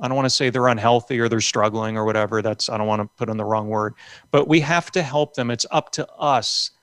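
Rambling, animated comedian, dry close mic. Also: male voice, medium pitch, fast, no room sound. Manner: rambling, animated, full of restarts. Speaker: comedian and author guest. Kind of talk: casual podcast interview.

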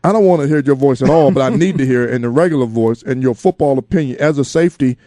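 A man's voice: mid-range voice, dark tone, no room sound, studio quality. A man co-hosting a sports talk radio show, teasing and pushing back in casual banter. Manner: teasing, quick to push back.

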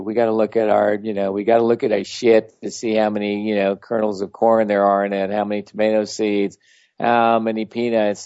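A man's voice: lowish voice, a little mellow, no room sound. A man giving a casual, rambling talk as a spiritual teacher, blunt and full of anecdotes. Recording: dull lo-fi audio.

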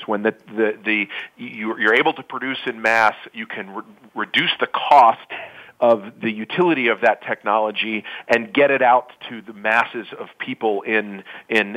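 A man answering as a panel guest, speaking in a halting way with many restarts. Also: on the low side, pushed and bright, poor audio. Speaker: panel guest, company co-founder.

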